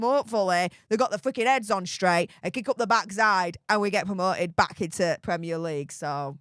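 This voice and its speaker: Chatty English woman, smooth voice. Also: medium pitch, no room sound, clean studio sound. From Yorkshire, England. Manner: chatty, rambling and excitable, with many fillers and mild cursing. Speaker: live stream host. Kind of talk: casual live stream chat.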